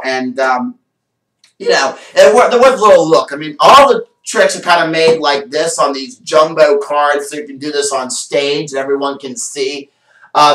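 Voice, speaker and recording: An enthusiastic man presents a card trick with stage patter and then chats about it at length. His voice sits a little high. He sounds a bit away from the mic, in a room with a noticeable echo. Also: fairly bright tone, distant mic. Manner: enthusiastic, rambling, showman patter. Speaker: magician. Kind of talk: performing a card trick then casual vlog chat.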